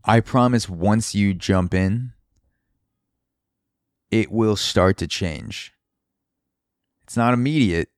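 Solo podcast host, male, very low voice, smooth and clear, earnest and encouraging. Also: slow pace, long pauses, dry recording, clean studio sound. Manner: earnest, encouraging, repeats himself for emphasis.

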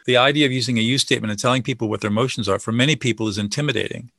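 A man's voice: medium pitch, very fast, gravelly, bright, forceful tone, dry recording, studio quality. A man speaking as an expert guest in an interview, explaining listening and de-escalation in a confident, teaching way. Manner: confident, teaching, acts out sample dialogue.

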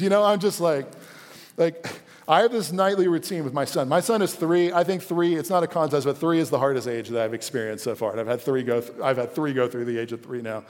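Higher-voiced male pastor in a hall. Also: a little fast. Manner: conversational storytelling with acted-out asides. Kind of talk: live sermon. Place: church gathering hall. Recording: long hall reverb.

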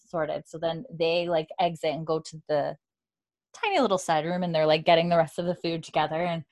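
A chatty young woman talks through a show's episode in a relaxed, casual way. She slips into the characters' lines with a lifted voice, and her own voice sits fairly low for a woman. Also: fairly quick. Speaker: podcast host recapping a TV episode. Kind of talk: casual chat recap. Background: dog heard at times.

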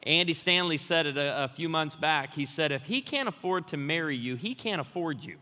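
A man preaches a lively, joking sermon, spinning stories for the congregation. His fairly high voice has a bright, forceful edge, and long reverb rings through the church hall. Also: moderate pace. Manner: humorous, storytelling, animated. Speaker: guest pastor.

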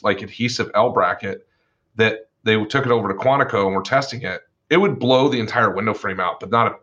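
Lower-voiced man with a bright, forceful edge. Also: muffled recording. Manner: animated, profane, acts out the people he quotes. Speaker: attorney telling stories from his career. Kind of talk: casual storytelling chat.

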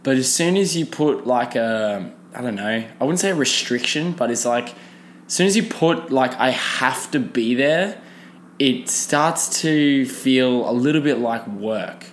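A man's voice: medium pitch, lively intonation, a little slow, slight background noise. Rambling young man ranting. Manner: casual, rambling, frequent fillers and restarts. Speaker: podcast host. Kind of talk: solo podcast rant.

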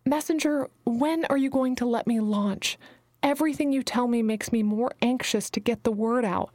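A woman's voice: a little high, normal speed, a little mellow, no room sound, clean studio sound, pitched above the performer's own voice, lightly acted. A woman voicing an anxious, eager young woman who pleads urgently in a raised voice. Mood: pleading.

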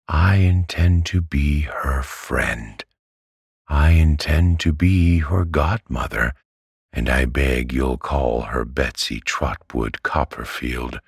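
A man's voice: a bass voice, creaky, husky, dry recording, clean studio sound, pitched above the performer's own voice, heavily acted. A man voicing a domineering elderly aunt in a storybook reading. She speaks in curt, commanding, impatient sentences. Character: stern, brisk elderly aunt, domineering and abrupt.

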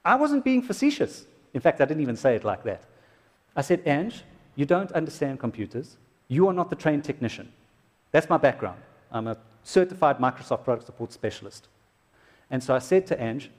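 A man's voice: a little high, big pitch swings, brisk. A man preaching a sermon to husbands in a church, joking and exclaiming as he goes. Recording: echoey hall reverb.

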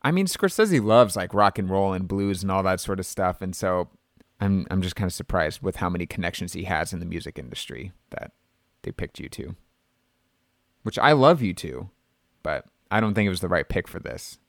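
Deep-voiced man chatting about movies. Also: lively intonation, moderate pace, no room sound, clean studio sound. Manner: chatty, lots of fillers like "like". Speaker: podcast co-host. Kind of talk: casual movie podcast chat.

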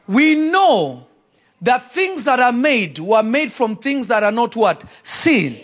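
A man preaching a sermon to a church congregation, shouting out points and acting out quotes. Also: extremely high pitch, sing-song, slow. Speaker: pastor. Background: congregation responding.

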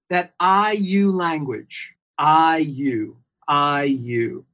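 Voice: mid-range voice, drawn-out words, hardly any pauses, fairly bright tone. A clinician guest in an interview, explaining earnestly and emphatically and repeating key points. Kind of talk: expert explaining on a podcast interview.

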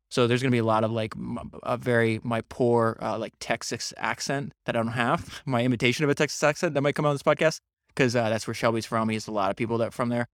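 A man's voice: medium pitch, fairly even intonation, quick pace, no echo, clean studio sound. A man hosting a solo book podcast, speaking with enthusiasm and frequent restarts. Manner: enthusiastic, with many restarts and fillers. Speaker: podcast host.

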